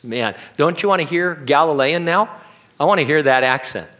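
A man's voice: a little high, moderate pace, a bit bright. Man preaching a casual sermon. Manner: conversational, jokey asides. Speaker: pastor.

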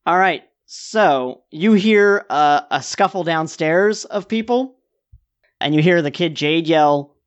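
A man running a tabletop game as game master, narrating in a casual, halting way with many fillers. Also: fairly high pitch. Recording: dull lo-fi recording.

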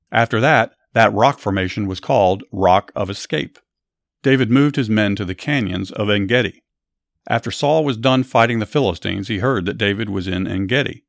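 A man hosting a podcast, telling Bible stories in a measured, earnest way and adding commentary. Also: on the low side, vocal fry, no echo, clean studio sound. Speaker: podcast host. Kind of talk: Bible story narration with commentary.

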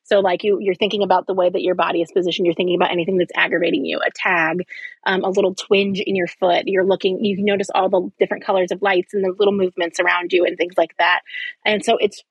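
A woman's voice: on the low side, little pitch movement, fast talker, husky, no echo, muffled recording. A woman guest on a podcast, explaining earnestly and piling up examples in casual conversation, close to the microphone.

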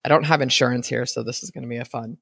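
A woman's voice: a bass voice, steady tone, very fast, gravelly, a bit bright, husky, no room sound, studio quality. A woman hosting a podcast, chatting casually and rambling as she retells a story and acts out what people said. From United States. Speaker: podcast host.

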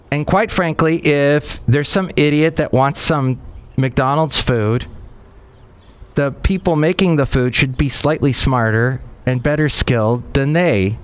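Smooth-voiced man hosting a podcast. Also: mid-range voice. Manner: wry, chatty commentary on news. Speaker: podcast host. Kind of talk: casual solo podcast talk.

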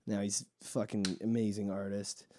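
Mellow-voiced man hosting a crude podcast. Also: on the low side, moderate pace, a little hiss or hum. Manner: crude, laughing, frank and excited. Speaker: podcast host. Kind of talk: casual chat.

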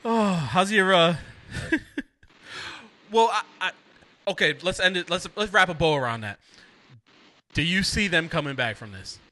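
A man's voice: high-pitched, measured pace, pauses often. A man co-hosting a podcast in casual chat, acting out both sides of his stories and laughing often. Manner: animated storyteller, laughs a lot, acts out both sides. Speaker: podcast co-host.

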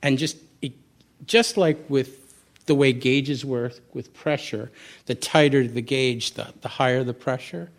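A middle-aged man with an ordinary mid-range male pitch leads a Buddhist talk for a live audience, speaking a little slowly. He's candid and conversational, sharing a personal story with self-deprecating asides and many restarts.

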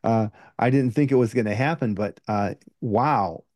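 Mellow hesitant man host, dry sound. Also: mid-range voice, moderate pace, no room sound. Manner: hesitant, filler-heavy. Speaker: podcast host. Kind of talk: casual chat.

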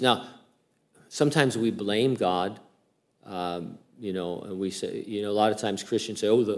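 An older male pastor preaches in a relaxed, conversational way. He talks like he is chatting with friends, stopping often to restart a thought. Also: fairly low pitch. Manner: chatty and informal, with many fillers and restarts. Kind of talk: casual conversational sermon.

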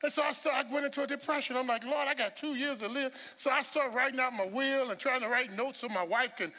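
A man preaching a sermon, telling stories with humor and repeating words when he rushes. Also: extremely high pitch, in a large hall. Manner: animated storytelling with humor.

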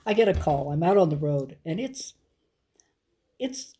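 A woman songwriter telling a story in casual conversation, animated and laughing, with frequent restarts. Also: low-pitched, a little slow. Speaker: songwriter and performer, guest.

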